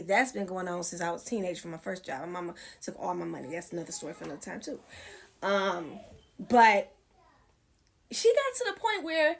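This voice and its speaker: A woman's voice: fairly low pitch, very animated, fairly quick, creaky. A woman casually recounting a personal story in a conversational way, shown as a clip in a reaction video.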